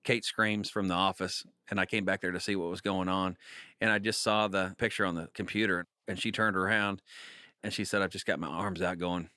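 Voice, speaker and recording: A man in his thirties telling family stories in a casual interview, animated and full of jokes. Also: low voice, fairly quick, no room sound, clean studio sound. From Kansas, United States. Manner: animated, jokey storyteller. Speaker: singer-songwriter guest.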